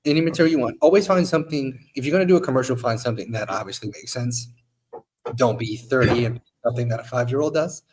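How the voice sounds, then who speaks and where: A man's voice: mid-range voice, fast, breathy edge. A man who owns an agency, chatting casually on a podcast with a voice he says is going, and acting out his clients' lines. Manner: animated, acts out quotes of clients. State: losing his voice, coughing. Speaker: modeling agency owner.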